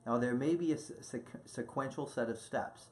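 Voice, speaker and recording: A man's voice: medium pitch, normal speed. Affirming male parenting co-host. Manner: affirming, repeats key points, speaks directly to listeners. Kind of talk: casual educational chat.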